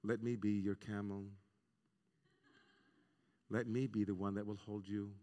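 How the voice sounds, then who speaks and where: A man's voice: on the low side, level tone, measured pace, mellow, lightly acted. A man voicing a tender, wise biblical woman in a reverberant hall. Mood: tender, reassuring. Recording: long reverb of a large hall.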